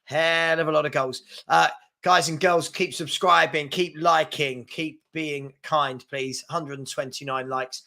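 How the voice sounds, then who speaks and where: A man's voice: on the high side, steady tone, a little slow, gravelly, bright, forceful tone. A man hosting a live football fan stream, chatting loosely and reading out viewer comments, with plenty of fillers and restarts. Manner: rambling, with fillers and repeated words. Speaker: fan channel host.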